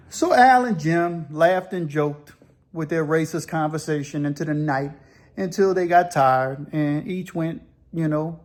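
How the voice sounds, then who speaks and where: A man telling a story in a casual, rambling way, often repeating himself. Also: on the high side.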